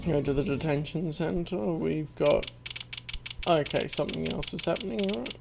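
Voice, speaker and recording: A woman's voice: low-pitched, normal speed, vocal fry, over music. A woman hosting a let's play, giving casual, chatty game commentary with amused asides. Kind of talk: casual game commentary, reading dialogue aloud.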